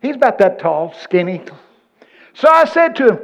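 A man, preaching a sermon in a folksy, animated storytelling way, quoting scripture. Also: a little high, brisk, low-quality recording. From Texas. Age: 70s.

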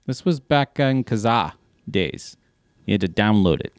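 A man co-hosting a crude comedy podcast, deadpan, dropping his voice low for jokes. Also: a little slow, dry recording, studio quality. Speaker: podcast co-host.

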